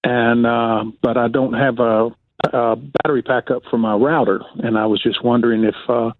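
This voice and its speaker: A man calling in from a rural cabin, speaking slowly and hesitantly with many pauses. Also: medium pitch, fairly even intonation, no room sound. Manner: slow, hesitant, lots of uhs. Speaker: caller. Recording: tinny dry phone line.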